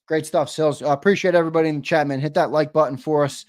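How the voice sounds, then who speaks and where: A man's voice: fairly high pitch, fairly even intonation, fast, darkish tone, no room sound, clean studio sound. A man co-hosting a sports talk show, arguing his takes bluntly and repeating his point. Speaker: sports podcast co-host. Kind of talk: heated sports talk chat.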